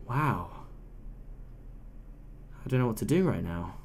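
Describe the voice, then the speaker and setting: A young man hosting a relaxed gaming video, chatting in a playful, mock-dramatic way. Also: fairly low pitch, takes it slowly, pauses often. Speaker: gaming channel host. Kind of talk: relaxed let's-play commentary. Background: faint game music.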